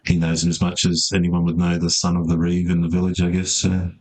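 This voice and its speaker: A man's voice: sits low, completely flat delivery, brisk, crowd noise. A man playing a tabletop game, chatting casually and thinking aloud with hesitations. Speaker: player. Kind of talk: casual role-play chat.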